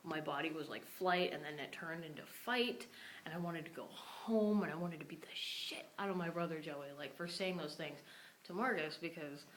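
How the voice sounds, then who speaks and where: A young woman with a low voice vents to the camera in a casual vlog, upset and swearing freely. A faint hiss sits under the recording. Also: moderate pace, poor audio. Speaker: vlogger.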